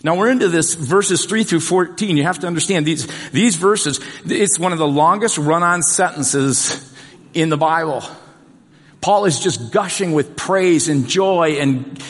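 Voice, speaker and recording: Earnest preacher man, echoing hall. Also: a little high. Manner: earnest, emphatic, repeats key points slowly. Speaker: pastor. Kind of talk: sermon. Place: church sanctuary. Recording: long reverb of a large hall.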